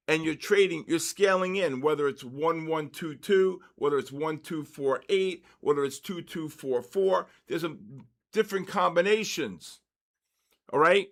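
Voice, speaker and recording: Male, 60s, veteran trading host; slightly raised pitch, forceful lecturing delivery with constant check-ins. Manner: emphatic, lecturing, repeats points with "okay?" and "all right?". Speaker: trading educator hosting a live session. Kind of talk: live-streamed trading lecture.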